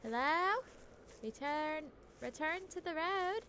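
Woman, gaming commentary, high lively voice, unhurried, faint hiss behind. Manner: chatty, self-talking, giggly. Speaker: gaming streamer. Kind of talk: casual let's-play commentary.

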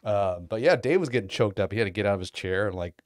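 A man's voice: fairly low pitch, expressive, quick pace, no room sound, studio quality. A man in his thirties chatting casually as a vlogger, telling rambling, profane stories full of fillers. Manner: mimics other people in quoted bits. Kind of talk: casual chat.

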